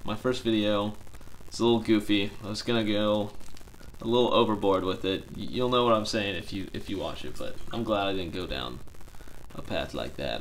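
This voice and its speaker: A young man casually chatting on a live stream from home, chatty and excitable. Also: fairly low pitch, moderate pace, a little hiss or hum. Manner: chatty and excitable, laughs easily. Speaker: card-collecting streamer. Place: home room.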